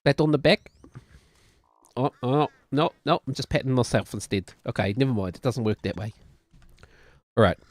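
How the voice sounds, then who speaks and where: Probably in his thirties, a New Zealand-accented man gives casual gaming commentary while streaming, thinking aloud in a rambling, self-deprecating way. He speaks a little fast in a mid-range voice, recorded dry.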